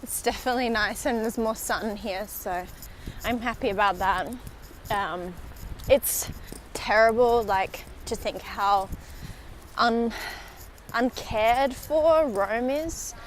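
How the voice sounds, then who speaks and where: A woman's voice: fairly high pitch, slow, a little hiss or hum. Chatty young woman vlogging outdoors. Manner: chatty and rambling, heavy use of "like", drops to a whisper for asides. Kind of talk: casual walking vlog. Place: outdoors on a riverside walk in a city. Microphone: handheld phone.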